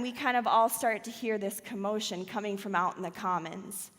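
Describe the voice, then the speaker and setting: A woman pastor preaching a sermon in a church auditorium, telling a story dramatically with loud and hushed swings. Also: mid-range voice, moderate pace, long reverb tail.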